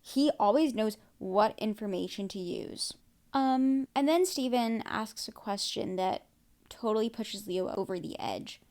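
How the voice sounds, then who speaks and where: A woman with a slightly high voice recaps a TV episode for her podcast in loose, chatty talk. She gasps and exclaims as she goes, with plenty of "like" and "um" along the way. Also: measured pace. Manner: excitable, reacts loudly with gasps and exclamations; chatty, many "like" and "um" fillers. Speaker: podcast host.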